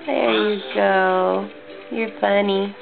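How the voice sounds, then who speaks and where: A woman's voice: mid-range voice, fairly even intonation, extremely slow, creaky, narrow, tinny audio, music in the background. A mother talking baby talk to her infant at home in a playful, coaxing, sing-song way. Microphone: home video camera.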